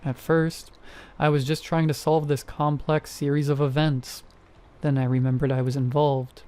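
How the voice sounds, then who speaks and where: A man narrating a first-person horror story in a steady, measured way. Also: fairly high pitch.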